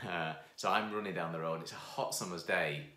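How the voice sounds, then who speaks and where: A man telling a funny personal anecdote in an animated way, laughing often and acting out what people said. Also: low voice, normal speed. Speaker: founder of a piano course. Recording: roomy echo.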